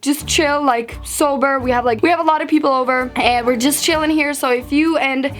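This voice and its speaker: A teenage girl tells a storytime vlog in a bright, high voice, chatty and animated. She peppers every sentence with fillers and jumps into acted-out quotes of herself and friends. Soft music plays faintly behind her. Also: brisk. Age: teens. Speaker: vlogger.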